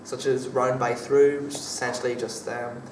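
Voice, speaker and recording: Young male drama student for an interview, flat and halting delivery, recorded at a distance in an echoey room. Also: mid-range voice. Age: young adult. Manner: hesitant, many fillers and restarts. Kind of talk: casual interview answers. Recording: echoey room from far off, faint background noise.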